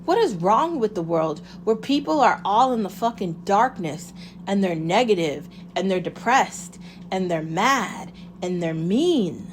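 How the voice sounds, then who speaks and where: A woman's voice: medium pitch, lively intonation, measured pace, a little hiss or hum. Impassioned woman ranting casually. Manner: impassioned, swears freely, rhetorical questions. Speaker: vlogger. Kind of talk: casual monologue.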